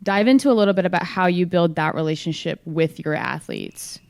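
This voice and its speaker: A young woman hosting a podcast interview, asking friendly, measured questions. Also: lowish voice, creaky, a little mellow. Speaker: podcast host.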